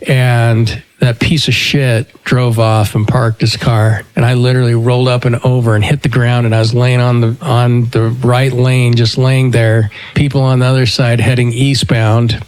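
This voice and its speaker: A middle-aged man with a mid-range voice hosts a casual podcast chat. He tells stories in an animated way and swears freely. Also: mid-range voice, normal speed, hardly any pauses, smooth. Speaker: podcast host.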